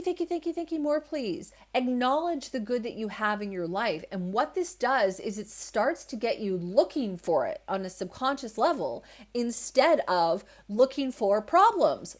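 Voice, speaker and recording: A young woman hosts her own spiritual podcast, speaking alone to her listeners. She talks in a relaxed, reassuring way, circling her points with easy fillers and asides. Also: a little high. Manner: warm, reassuring, conversational with many fillers. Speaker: podcast host. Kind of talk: solo spiritual podcast talk.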